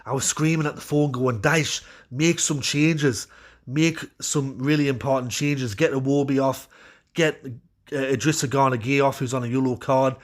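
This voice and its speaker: A man giving an opinionated, frustrated spoken reaction after a football match, rambling with fillers. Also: mid-range voice. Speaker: football fan channel host. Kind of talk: post-match reaction monologue.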